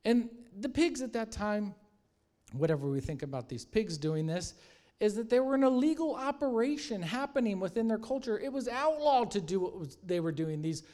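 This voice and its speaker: A man preaching a sermon with animated storytelling, growing soft and hushed at reverent moments. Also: high-pitched, normal speed. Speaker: pastor.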